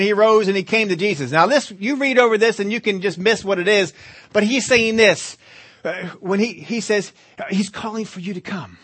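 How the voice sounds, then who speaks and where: Brief: middle-aged male preacher, storytelling sermon, very lively intonation, dry close recording. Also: sits high, no room sound. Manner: lively storytelling, asks the audience questions.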